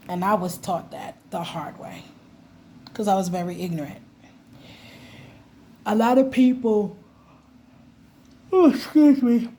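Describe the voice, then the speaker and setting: Lively woman chatting about her faith. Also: fairly low pitch, slight background noise. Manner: animated, laughing, mimics voices in stories. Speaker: vlogger. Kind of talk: casual faith talk to camera.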